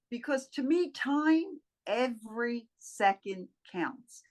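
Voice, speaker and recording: A woman with a high, bright-pitched voice co-hosts a casual coaching chat. She talks emphatically and playfully, with real enthusiasm. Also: expressive, slow pace. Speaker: co-host.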